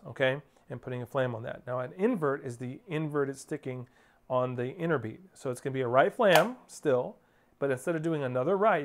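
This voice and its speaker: Man, drum teacher, calls out stickings, slightly high voice, noisy practice room. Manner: counts off and calls out sticking patterns. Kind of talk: instructional drum lesson.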